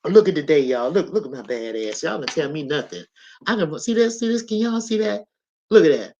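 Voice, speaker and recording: A woman in her sixties hosting a live stream, talking casually and straight to her viewers, animated and often laughing. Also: low voice, brisk, lo-fi sound, slight background noise. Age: 60s.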